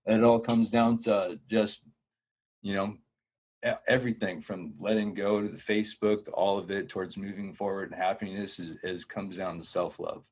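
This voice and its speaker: A man's voice: on the low side, flat delivery, normal speed, darkish tone, breathy edge. A man speaking as a podcast guest in casual conversation, earnest and reflective.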